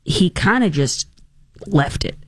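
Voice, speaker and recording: A woman hosts a talk show, her voice swinging widely in pitch as she riffs sarcastically and acts out quotes. The sound is dry and close on a studio mic. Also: animated, takes it slowly, slightly rough, no room sound. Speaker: radio talk show host. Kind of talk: opinionated casual commentary.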